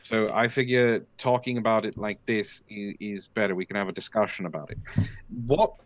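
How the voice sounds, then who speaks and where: A man's voice: fairly low pitch, steady tone, normal speed. A man in a casual live online discussion, reacting in an indignant, blunt way and swearing freely.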